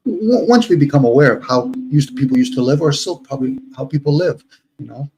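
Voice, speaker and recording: A man's voice: mid-range voice, expressive, a little fast, background noise. A man on a live online panel, reflecting at length with everyday analogies and often addressing the host. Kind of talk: casual live-stream chat.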